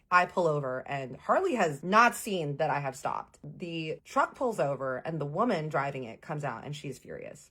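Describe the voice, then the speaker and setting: A woman telling a casual storytime to viewers, animated and acting out the quoted lines. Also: deep voice. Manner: addresses viewers as "y'all".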